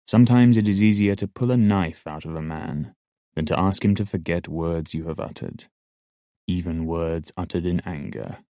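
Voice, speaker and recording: A man voicing an older male court assassin in an audiobook, speaking in a measured, quiet, slow way. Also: low voice, no room sound, studio quality. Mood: grave. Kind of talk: audiobook dialogue.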